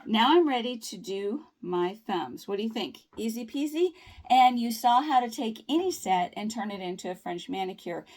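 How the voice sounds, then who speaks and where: A woman's voice: medium pitch, a little mellow. A woman chatting upbeat and reassuring through a nail tutorial, with folksy phrasing. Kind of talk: casual tutorial talk.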